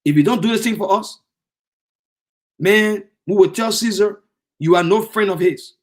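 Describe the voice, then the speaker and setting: Give me a preacher acting out a hostile crowd demanding death, in a high-pitched man's voice. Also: moderate pace, natural voice. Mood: threatening. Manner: blunt, threatening.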